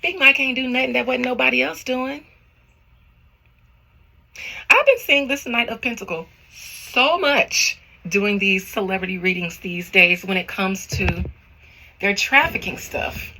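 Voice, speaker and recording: Woman tarot reader, gravelly and bright-edged; casual slangy rambling straight to camera. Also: on the high side, a little slow, rough recording. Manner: rambling, slangy, talks to viewers directly. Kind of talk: casual spiritual reading vlog.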